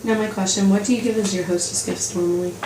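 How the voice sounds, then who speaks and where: A woman's voice: mid-range voice, steady tone, fast, mellow. A woman on a sales team asking her leader questions in a casual meeting, laughing easily. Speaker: team member. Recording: far-off echoey recording with noise.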